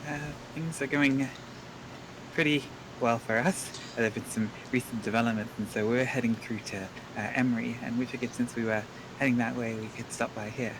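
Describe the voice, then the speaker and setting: Calm man playing a game character. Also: mid-range voice, fairly quick. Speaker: player. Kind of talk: in-character tabletop play. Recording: clear background noise.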